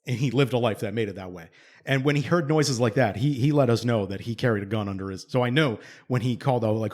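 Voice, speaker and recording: A man in his forties co-hosting a podcast, telling a long, profane story in a rambling way and getting animated when he quotes other people. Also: mid-range voice, quick pace. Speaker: podcast co-host. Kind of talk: casual storytelling chat.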